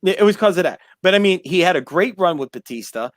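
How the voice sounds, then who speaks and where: A man hosting a sports talk show, arguing his point in an insistent, animated way. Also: sits high, fast, no room sound, studio quality. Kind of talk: casual debate.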